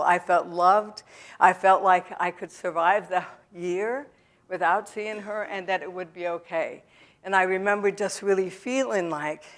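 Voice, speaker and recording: A woman gives a personal testimony to a church audience, her voice sitting on the low side. She talks haltingly, with fillers and restarts, and turns to the listeners directly. It sounds like a church sanctuary. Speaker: guest speaker at a recovery event.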